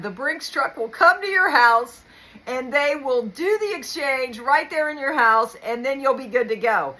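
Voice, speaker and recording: A woman's voice: medium pitch, bright, forceful tone, rough recording. A woman hosting a casual summary stream, chatty and a little tired, reading out other people's posts between her own remarks. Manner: chatty, reads out quotes from others. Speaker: host.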